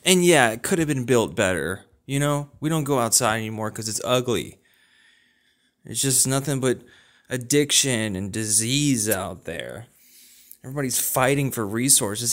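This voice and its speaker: A man's voice: mid-range voice, animated, a little slow, fairly bright tone. A young man delivering an exasperated, incredulous comedic rant full of rhetorical questions. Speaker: satirical ranter.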